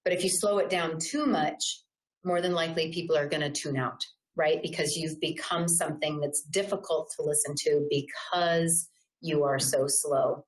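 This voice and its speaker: A woman's voice: low voice, steady tone, moderate pace, low-quality recording. Informal woman leading an online training. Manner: informal, frequent "right?" check-ins. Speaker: communication trainer.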